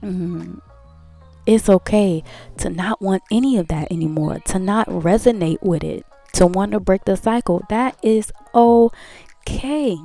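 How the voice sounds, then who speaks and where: A woman hosts a casual motivational talk, offering an earnest pep talk about healing in an unhurried, mellow, mid-range voice. She repeats herself and laughs at her own expense, with faint music in the background.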